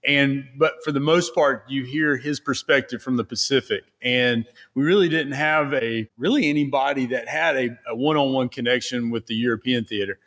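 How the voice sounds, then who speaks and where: A man from Mississippi, a podcast guest speaking in a halting way. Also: medium pitch, fairly bright tone. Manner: hesitant, halting speech with fillers. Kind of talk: casual conversational interview.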